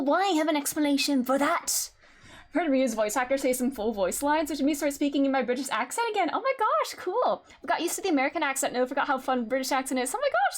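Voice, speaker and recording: A young woman streaming a game, chatting casually with her viewers in an excitable way, with lots of gasps and fillers. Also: sits high. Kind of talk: casual live-stream chat.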